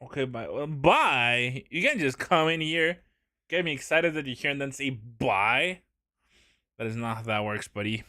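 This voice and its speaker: Bright, lively game streamer guy. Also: medium pitch, normal speed, dry recording, clean studio sound. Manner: animated, joking, swears, mock-indignant. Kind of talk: casual gaming commentary.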